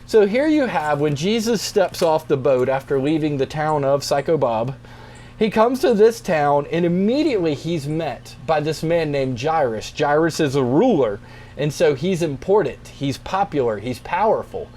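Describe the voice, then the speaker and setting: A young man, a youth pastor, reading scripture and then explaining it in a relaxed, conversational devotional talk. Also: on the high side, moderate pace. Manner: relaxed, conversational, plainspoken encouragement.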